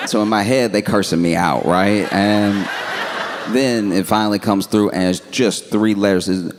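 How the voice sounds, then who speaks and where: A man telling a stand-up story on a comedy club stage, laid-back and deadpan, acting out text messages. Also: deep voice, a little slow, noisy background. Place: comedy club stage before a laughing audience.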